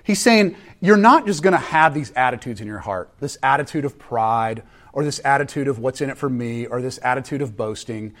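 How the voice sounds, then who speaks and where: A man preaching a sermon, animated and dynamic, swinging from loud emphatic lines to hushed, intense ones. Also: medium pitch, brisk. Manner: animated, shouting voices for crowds, then dropping to quiet intensity. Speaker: pastor.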